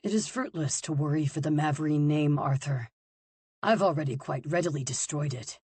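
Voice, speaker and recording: A woman voicing a cold, sardonic young male villain who talks flatly and without feeling. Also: fairly high pitch, normal speed, husky, no room sound. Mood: deadpan. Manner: flat, deadpan, numb.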